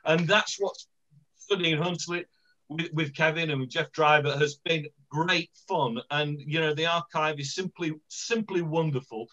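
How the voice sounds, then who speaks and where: A man comments with enthusiasm after a local-history lecture. His voice is bright and forceful, a little high. He joins from a video call, and the audio sounds dull and lo-fi. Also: a little slow. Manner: animated, enthusiastic.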